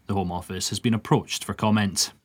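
A man reading a scripted radio news report in a steady, formal way. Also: lowish voice, fairly quick, husky.

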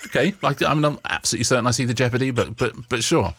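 Fast-talking man. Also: medium pitch, a bit bright, husky, dry recording. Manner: fast, self-deprecating, many restarts. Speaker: guest. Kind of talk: casual comedic chat.

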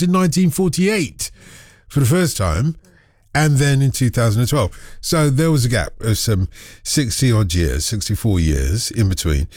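A man hosts a radio phone-in, chatting with listeners in a brisk, easy way. His mid-pitched voice is close to the studio microphone and sounds dry, with no room around it. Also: a little mellow, no room sound.

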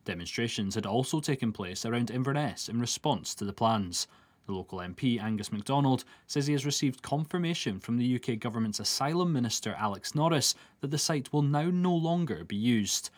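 A man's voice: mid-range voice, a little fast. Man reading radio news. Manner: even, formal reading. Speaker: newsreader.

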